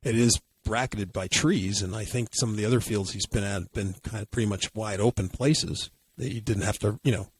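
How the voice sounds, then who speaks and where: A man's voice: fairly low pitch, steady tone, brisk, few pauses, breathy edge. A man co-hosting a podcast, telling a long story in casual chat with many fillers and restarts. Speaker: podcast co-host.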